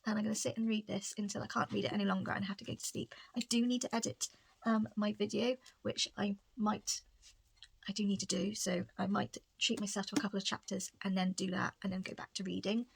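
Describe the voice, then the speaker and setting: A woman's voice: mid-range voice, little pitch movement, fairly quick, creaky, breathy edge, dry recording. A woman talking casually about her reading in a rambling, chatty way at home. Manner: rambling, chatty, lots of filler "like". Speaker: book vlogger. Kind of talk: casual reading vlog chat.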